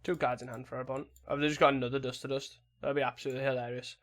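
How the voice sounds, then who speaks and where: A man's voice: medium pitch, flat delivery, very fast. A man casually commentating his own online card game, muttering his plays and grumbling at his own mistakes. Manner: muttering, self-critical, exasperated. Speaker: gameplay commentator.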